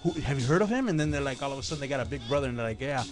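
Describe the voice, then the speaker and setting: A man's voice: mid-range voice, very fast, faint music behind. A man telling street stories in an interview, acting out other people's lines and cursing freely. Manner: animated storyteller acting out quoted voices, profane. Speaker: graffiti artist guest. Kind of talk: casual storytelling in interview.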